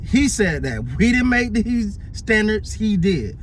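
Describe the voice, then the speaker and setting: Man, high voice, lively swooping delivery, casual sports talk, repeats words. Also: takes it slowly, slight background noise. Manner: animated, repeats words, laughs often. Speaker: sports commentator.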